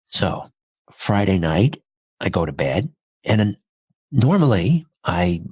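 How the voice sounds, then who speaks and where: A middle-aged man with a very low, husky voice recounts a personal story in conversation. He talks in an earnest, reflective way, walking through events step by step. The recording is dry and close. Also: big pitch swings, slow, darkish tone, dry recording. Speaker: podcast guest.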